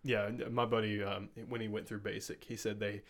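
A man in casual podcast chat, easygoing and quick to agree. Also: on the low side, level tone.

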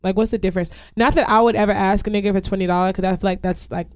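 Fast-talking woman arguing her point. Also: medium pitch, steady tone, a little mellow, smooth, dry recording, studio quality. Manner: argues her point emphatically, restarting sentences. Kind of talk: casual group discussion.

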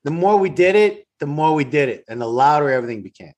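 A man's voice: a little high, animated, quick pace, darkish tone. A man who is a guest actor, telling stories from set over a remote call with weak wifi, emphatic and swearing freely. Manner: emphatic, profane storytelling.

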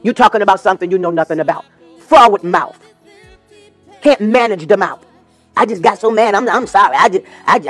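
A man's voice: high voice, slightly rough. A man preaching a sermon as a minister, repeating phrases for emphasis and at times slipping into sung lines. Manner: tells personal stories in an informal preaching voice. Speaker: minister of the gospel.

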